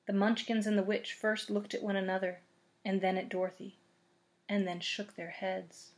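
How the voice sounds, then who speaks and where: A woman librarian reading a children's book aloud in a gentle, expressive storytelling manner. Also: mid-range voice, moderate pace.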